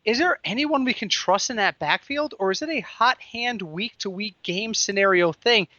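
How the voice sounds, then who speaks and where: A man co-hosting a football podcast, chatting casually and telling stories in an animated, excitable way. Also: sits high, normal speed, dry recording, lo-fi sound. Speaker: podcast co-host. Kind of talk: casual sports chat.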